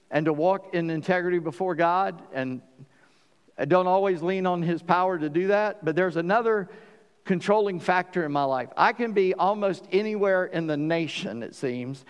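A man preaching a sermon as pastor, lively and animated, acting out the voices in the story. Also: high voice, clear, resonant tone, in a large hall.

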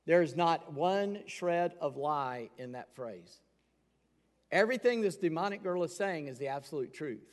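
A man's voice: on the high side, lively intonation, unhurried. A man preaching a sermon from the pulpit, candid and emphatic. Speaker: pastor. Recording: long hall reverb.

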